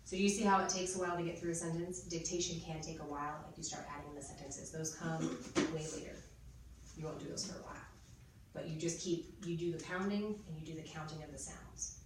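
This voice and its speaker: A woman in her thirties with a deep voice speaks a little fast. She trains teachers, chatting and explaining step by step as she models spelling drills, picked up by a far-off mic in a noisy, echoey room.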